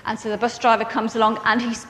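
A woman preaching a sermon, earnest and reflective, then lively and expressive as she tells a story. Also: fairly high pitch, fast, a little hiss or hum. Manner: earnest, turns animated and expressive when telling a story. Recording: echoey hall with long reverb.

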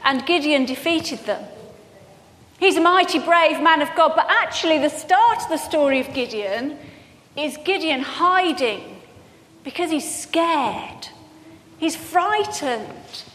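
Female preacher, high voice, earnest and personal, recorded in a reverberant hall. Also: animated, slow pace. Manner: earnest, personal, shifts between projected and soft-spoken. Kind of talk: sermon. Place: church hall. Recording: hall reverb, faint background noise.

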